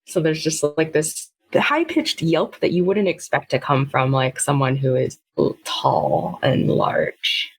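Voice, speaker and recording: A woman playing a tabletop role-playing game, describing her character's actions in a halting way with lots of fillers. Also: low voice, animated. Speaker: player. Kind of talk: tabletop role-play narration.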